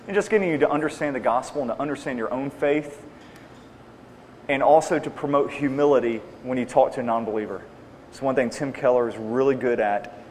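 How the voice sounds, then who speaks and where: A man answering audience questions on evangelism in an earnest, plainspoken way, restating each question before he answers. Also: medium pitch. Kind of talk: Q&A talk. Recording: long reverb in a hall, faint noise.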